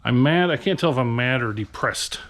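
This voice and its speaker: A man's voice: medium pitch, expressive, brisk, fairly bright tone, a little hiss or hum. A worn-out man from Nebraska vents to the camera in a storage unit, his mid-range voice rambling through a frustrated rant with sighs along the way. He sounds tired and fed up. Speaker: reseller vlogger. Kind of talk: venting vlog to camera.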